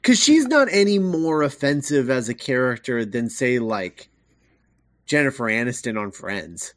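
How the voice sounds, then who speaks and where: A man co-hosting a casual podcast, picking apart a film's lines in an animated, jokey way. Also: mid-range voice. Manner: animated, jokey, quick to laugh. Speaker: podcast co-host. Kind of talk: casual chat about a film.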